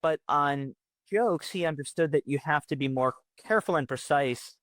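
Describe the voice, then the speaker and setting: A man's voice: a little high, normal speed, a bit bright, no echo. A man, a former speechwriter, explaining how jokes work in an interview, often ending points with rhetorical questions. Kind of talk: interview recollection.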